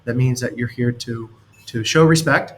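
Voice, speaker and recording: A man's voice: mid-range voice, normal speed, a little hiss or hum. A man leading a team session, coaching on leadership in a rambling, anecdotal way and chuckling as he explains.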